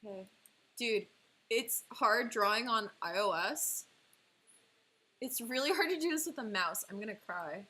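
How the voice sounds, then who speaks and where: A young woman chatting casually on a livestream, excitable and quick to laugh at herself. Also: a little high, slightly rough. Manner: excitable, laughing often, self-deprecating groans. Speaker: illustrator streaming live. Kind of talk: casual livestream chat while playing a drawing game.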